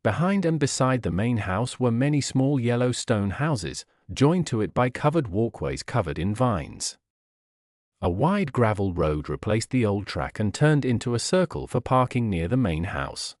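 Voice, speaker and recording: Casting: male audiobook narrator for learners, clear and plain, lively pitch, dry close sound. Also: unhurried, dry recording.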